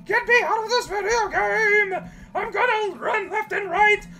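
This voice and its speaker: A man voicing a bratty little male cat in a video game, with a squeaky, whiny voice. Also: unhurried, vocal fry, sharp tone, soft background music, exaggerated voice.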